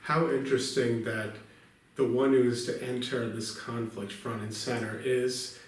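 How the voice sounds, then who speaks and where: A man co-hosting a podcast, explaining a film in a measured, thoughtful way. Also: medium pitch, level tone, heavy reverb, far from the mic, slight background noise. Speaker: podcast co-host. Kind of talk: casual film review chat.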